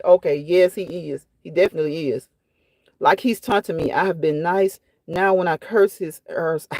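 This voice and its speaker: A woman's voice: medium pitch, a little mellow, no room sound. A woman hosting a casual live stream, reading viewers' comments aloud and reacting to them in a chatty way that often repeats phrases.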